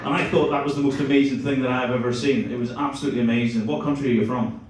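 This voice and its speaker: A man's voice: mid-range voice, fairly even intonation, heavy reverb, far from the mic, poor audio. An Irish man doing stand-up comedy in a club, teasing the crowd and swearing as he tells his stories. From Ireland. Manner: profane, teasing, fast storytelling. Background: audience laughter.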